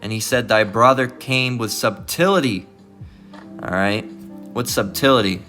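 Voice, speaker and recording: A man with a mid-range, sharp voice preaches a little slowly, with faint music behind him. In this Bible reading with commentary, he stumbles over and rereads archaic scripture, cutting in with blunt remarks that he caps with "all right?"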